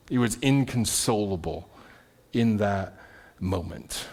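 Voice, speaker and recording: A man preaching to his church, telling the story as if chatting with friends. His voice sits in an ordinary middle range and turns quiet and low at the solemn points. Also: moderate pace. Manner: conversational storytelling, often asks "right?"; drops soft and low at solemn moments. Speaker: pastor. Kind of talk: sermon.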